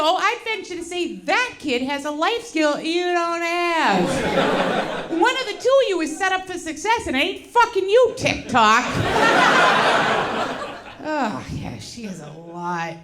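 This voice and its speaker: Brash, high-voiced woman doing stand-up. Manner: brash, profane and loud, quick to laugh. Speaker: stand-up comedian. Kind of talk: stand-up comedy set. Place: comedy show with laughing audience. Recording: echoey live venue with loud background noise.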